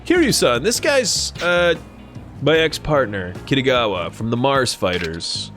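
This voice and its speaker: A man voicing an earnest young male ex-comedian in a video game, reading his lines in a raised, lively voice. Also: mid-range voice, measured pace, faint music behind.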